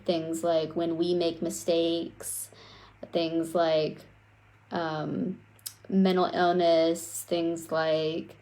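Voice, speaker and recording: A woman's voice: fairly low pitch, darkish tone. A woman coaching on self-worth in a casual, conversational way, often tagging her points with "right?" and swearing now and then. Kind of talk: casual teaching talk.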